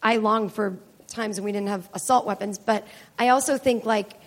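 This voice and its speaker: A woman's voice: medium pitch, fairly even intonation, normal speed. A middle-aged woman comedian telling rambling, profane stories on stage at a live taping. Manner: chatty, profane, rambling asides. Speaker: stand-up comedian and podcast host. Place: stage in a small comedy venue.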